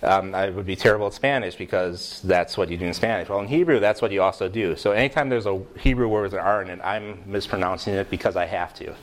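An American man teaching a Bible class in a room with a board, lively, putting questions to the class and often restarting his sentences. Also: low voice, fast, hardly any pauses. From United States.

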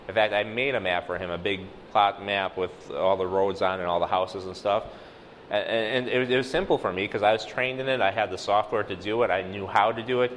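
A man's voice: on the low side, fairly quick, fairly bright tone, big-room sound, slight background noise, poor audio. A man teaching a casual sermon, talking through a passage with many fillers and acting out quoted dialogue. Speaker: lay preacher.

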